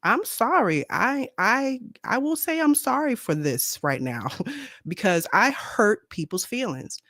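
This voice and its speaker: On a casual faith talk show, a co-host speaks bluntly and outspokenly, repeating her points in a high-ish, very animated voice that's pushed and bright and a little slow. The recording, made on a streaming microphone, is dry and studio quality.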